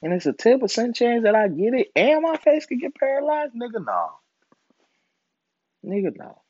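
Animated ranting man, dull dry sound. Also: extremely high pitch, moderate pace, no echo. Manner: profane, animated ranting with mocking put-on voices. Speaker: podcast host. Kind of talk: casual monologue.

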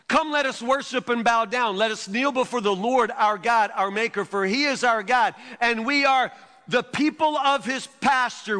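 A male pastor preaching a sermon in a folksy way, repeating words and dropping to a low hush for scripture. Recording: long reverb of a church hall.

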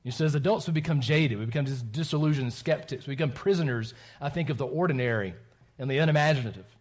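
A man's voice: mid-range voice, quick pace, a little mellow. A man preaching a sermon, chatting playfully with a child in front of the congregation and laughing easily. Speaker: pastor.

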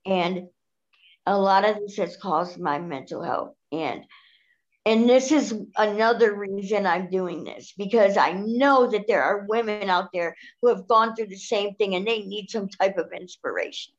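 A woman telling her personal story in an earnest, steady way. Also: medium pitch, measured pace. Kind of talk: personal testimony. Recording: dull lo-fi sound.

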